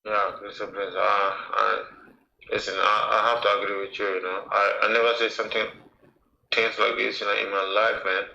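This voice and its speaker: A man's voice: on the low side, level tone, brisk, creaky, pushed and bright. A man in his thirties calling in to a show, repeating himself and apologizing as he talks. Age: 30s. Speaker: caller. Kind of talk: phone-in conversation. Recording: echoey lo-fi call audio.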